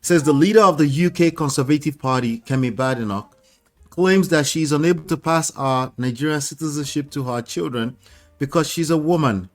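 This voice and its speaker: A man's voice: a little high, a little fast, soft background music. A man presenting a news report, reading quotes aloud and moving into chat with a co-host. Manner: reads quotes aloud, laughs at his own attempt at a British accent.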